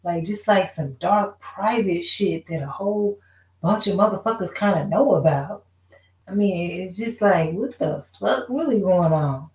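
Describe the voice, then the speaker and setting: A woman's voice: on the low side, lively intonation, unhurried, a little mellow. A woman venting in a casual, rambling rant, frustrated and profane, full of rhetorical questions. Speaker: vlogger. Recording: echoey room.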